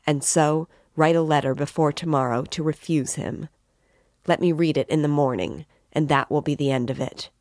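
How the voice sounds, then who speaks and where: A woman's voice: low voice, steady tone, moderate pace, a little mellow, dry recording, clean studio sound, lightly acted. A woman voicing a tormented, feverish young man who speaks curtly and in a strained, broken way. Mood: irritable.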